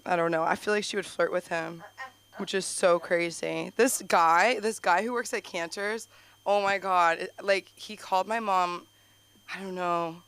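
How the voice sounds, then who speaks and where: A woman's voice: fairly low pitch, steady tone, measured pace, fairly bright tone, clear, resonant tone. A young woman doing a rambling stand-up set at an open mic, chatty and giggly, with lots of "like" and restarts. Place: small comedy club stage.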